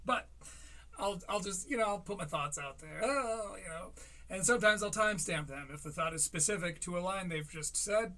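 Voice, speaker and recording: A man's voice: sits high, moderate pace, sharp tone. A man in his thirties hosting a reaction commentary, rambling, swearing and laughing through asides. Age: 30s. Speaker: commentary host.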